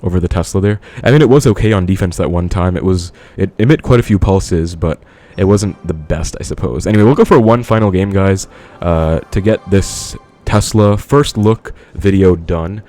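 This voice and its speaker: A man's voice: low-pitched, moderate pace, few pauses, mellow, soft background music. A man giving casual live commentary on his own game, thinking aloud and talking to viewers as he plays. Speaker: gaming commentator.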